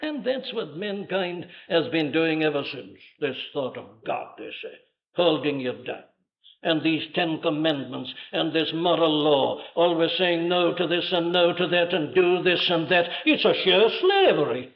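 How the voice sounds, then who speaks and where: In a dull, lo-fi archive sermon recording, an older Welsh preacher speaks at a measured pace with lively intonation and hardly any pauses, his voice a little high. He presses emphatic rhetorical questions and lets his voice swell dramatically.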